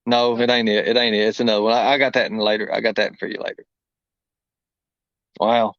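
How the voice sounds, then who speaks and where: A middle-aged man from Kentucky hosts a casual livestream, rambling in a folksy way full of exclamations. His lowish voice is fairly bright but flat, a little fast. The audio is muffled and dull, with no room sound.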